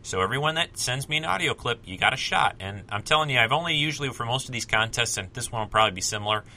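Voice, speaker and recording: A man's voice: medium pitch, animated, quick pace, sharp tone. A man hosting a solo podcast, talking casually and rambling with self-corrections and asides. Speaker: podcast host.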